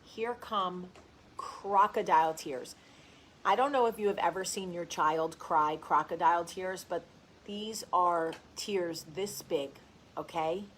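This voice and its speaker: A woman's voice: on the low side, takes it slowly. Jersey accent woman rambling through a story on her livestream, chatty, stops to say hi to viewers, faint hiss behind her. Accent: New Jersey. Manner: greets viewers by name mid-story. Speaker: host. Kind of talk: casual livestream chat.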